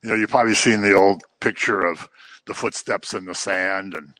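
A man's voice: deep voice, steady tone, normal speed, fairly bright tone. A man teaching the Bible in a conversational way, telling the stories and acting out the people he quotes. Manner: informal, with fillers and restarts. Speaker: preacher.

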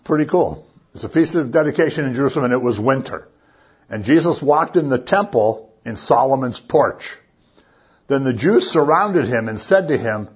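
A man's voice: medium pitch, expressive, normal speed, slightly rough, muffled recording. A man giving a casual, conversational sermon and often checking in with his listeners. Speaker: preacher.

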